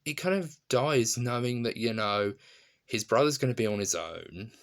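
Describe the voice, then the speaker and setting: A man's voice: mid-range voice, animated, moderate pace. A young adult man, giving a casual spoken film review, enthusiastic and rambling, with frequent restarts and laughs.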